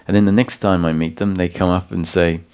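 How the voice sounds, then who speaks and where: A man giving a satsang talk as a spiritual teacher, explaining calmly with pauses and restarts. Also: low-pitched, clear, resonant tone.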